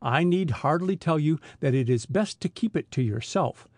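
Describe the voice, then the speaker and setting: A man reading the part of a genial, self-assured middle-aged detective father with a measured delivery. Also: a little high, lively intonation, a little mellow, dry recording, studio quality. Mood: serious. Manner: measured, amused then businesslike.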